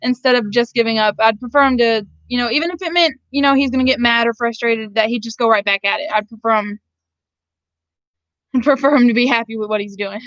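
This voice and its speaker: A woman's voice: on the high side, a little fast, a bit bright, no echo, lo-fi sound. Woman with a Georgia drawl, rambling chat. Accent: Southern US (Georgia) drawl. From Georgia, USA. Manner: rambling, laughs often between sentences. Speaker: vlogger reading live chat. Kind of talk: casual live-stream chat.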